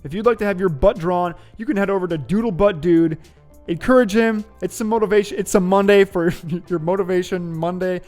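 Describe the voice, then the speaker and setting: Over soft background music, a man hosting his own show jokes around in upbeat, playful vlog commentary. He talks fairly quickly, his voice sitting high with a darkish tone.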